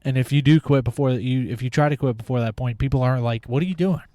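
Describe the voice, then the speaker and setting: A man's voice: mid-range voice, fairly even intonation, quick pace, dark tone, dry recording, clean studio sound. A young man hosting a podcast, talking in a blunt, opinionated monologue and swearing freely. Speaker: podcast host. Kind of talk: casual monologue.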